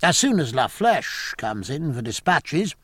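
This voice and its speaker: A man's voice: on the high side, very animated, fairly bright tone, slightly rough, dry recording, clean studio sound, exaggerated voice. A man doing a bluff, jovial sea captain. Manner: brisk, jovial, salty sea talk. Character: hearty, bluff naval captain, middle-aged man.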